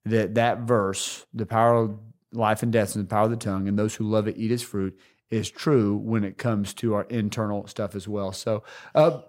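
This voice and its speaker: A man co-hosting a casual faith podcast, talking in a halting way with many restarts and fillers, teasing now and then. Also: lowish voice, steady tone, a little mellow. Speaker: podcast co-host.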